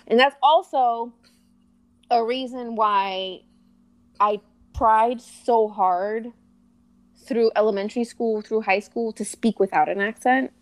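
A woman from a Spanish-speaking family telling a personal story in casual chat, heated and emphatic, slowing down to stress words. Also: on the high side.

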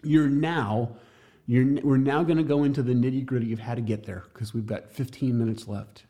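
A man's voice: mid-range voice, fairly even intonation, moderate pace, mellow. A man teaching a church class on evangelism, jokey and emphatic, talking straight to his listeners.

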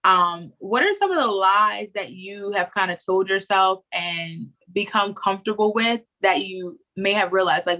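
A woman's voice: mid-range voice, unhurried, hardly any pauses, lo-fi sound. A woman in her thirties co-hosting a podcast, chatting casually and telling stories with playful imitations. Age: 30s. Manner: animated storyteller, playful imitations. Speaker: podcast co-host. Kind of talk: casual conversational chat.

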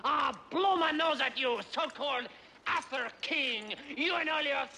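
An actor playing an insulting French soldier with a French accent, hurling exaggerated mockery in a film clip. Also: male voice, very high voice, measured pace, vocal fry, sharp tone, slight background noise, exaggerated voice. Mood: taunting.

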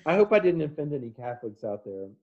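Male co-host, casual comedic banter, a bit high, muffled recording. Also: sing-song, quick pace. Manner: playful, jokey, slips into goofy impressions. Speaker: podcast co-host.

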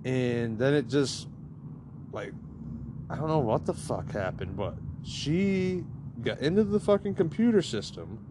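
Man, mid pitch, casual storytime rant, profane and rambling, faint background noise. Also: very animated, measured pace. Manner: profane, rambling, heavy use of "like". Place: campground in New Mexico.

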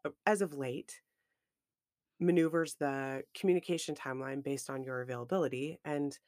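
A woman's voice: extremely low pitch, normal speed, no room sound, clean studio sound. Heartfelt woman in casual podcast talk. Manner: emotional, expressive, heartfelt. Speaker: podcast co-host. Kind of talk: casual chat.

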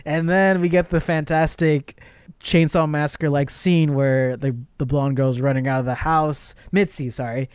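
A man's voice: fairly high pitch, moderate pace, clean tone, dry recording, clean studio sound. A man co-hosting a podcast, casually retelling a film scene by scene with lots of fillers. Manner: rambling, filler-heavy, animated retelling. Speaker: podcast co-host. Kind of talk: casual film review chat.

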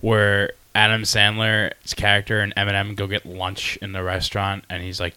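Podcast co-host: young man, bright tense voice, chatty, swears, does quick impressions. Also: lowish voice, monotone, smooth. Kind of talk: casual chat.

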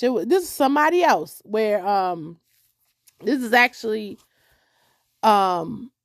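A woman's voice: medium pitch, dry recording, clean studio sound. A middle-aged woman hosting her own podcast, telling a story in a casual monologue and acting out both sides of an argument. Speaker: podcast host.

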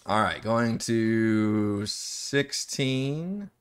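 A man's voice: on the low side, animated, drawn-out words, clean tone. A man acting as dungeon master, chatting casually and rambling during live-streamed game prep, often laughing and swearing.

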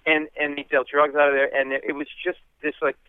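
A man telling a comic story in an interview, animated and acting out the people in it. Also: a little high, fast, clean tone, no echo. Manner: animated, acts out voices. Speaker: guest comedian. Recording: tinny phone-like line.

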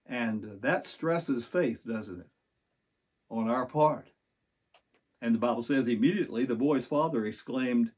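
Older guy preaching, kinda husky voice, earnest, reads the bible slow with pauses. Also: mid-range voice, expressive, darkish tone. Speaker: pastor. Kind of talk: sermon.

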